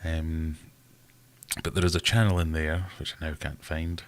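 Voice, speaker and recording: A man's voice: extremely low pitch, level tone, normal speed. A man with a Scottish accent hosting a casual live Q&A, chatting and reading out viewer comments. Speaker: livestream host.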